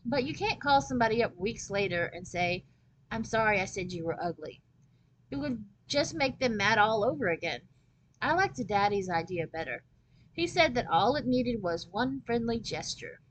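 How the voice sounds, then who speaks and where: A woman reading a children's chapter book aloud as a storyteller, with lively first-person narration. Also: a little high, normal speed, a little hiss or hum, poor audio.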